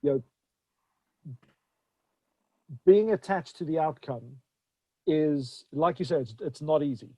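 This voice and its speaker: Guy hosting an interview, lots of ums and restarts, kinda higher voice, dry muffled sound. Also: warm tone, slightly rough, dry recording. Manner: halting, many fillers and restarts. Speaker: interview host. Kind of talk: conversational interview.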